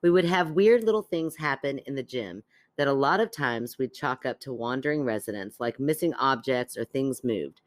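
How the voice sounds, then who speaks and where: Low-voiced woman podcast co-host. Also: expressive, moderate pace, dry recording. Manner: laughs easily, chatty and teasing. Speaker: podcast co-host reading a listener story. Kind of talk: casual chat and cold reading of a listener letter.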